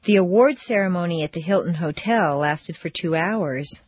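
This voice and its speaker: A woman teaching English pronunciation, reading drill phrases slowly and deliberately with careful stress. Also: fairly low pitch, husky, dry recording, muffled recording.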